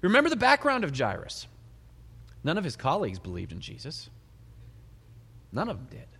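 A middle-aged man, a pastor, giving a sermon, retelling the story with animated storytelling and soft laughs. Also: on the high side, normal speed, vocal fry, a little hiss or hum. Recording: long hall reverb.

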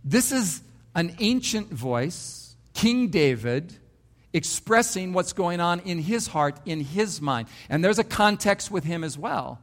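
A man's voice: high voice, animated, takes it slowly. A man, a pastor, preaching a sermon and telling his own story with emphatic, varied delivery.

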